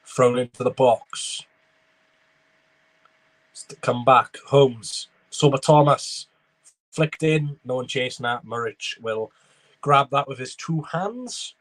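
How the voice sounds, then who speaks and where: A man's voice: mid-range voice, takes it slowly, long pauses, a bit bright. A young man talks over a live football match. He chats casually, calls the play as it happens and answers messages from his viewers in between. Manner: chatty running commentary, reading out viewer messages. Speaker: football watchalong streamer. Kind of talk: live match reaction with chat replies.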